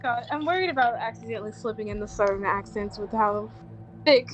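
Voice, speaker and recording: A woman's voice: fairly high pitch, brisk, faint music behind. A woman playing a tabletop game, chatty and self-mocking in casual chat. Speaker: player.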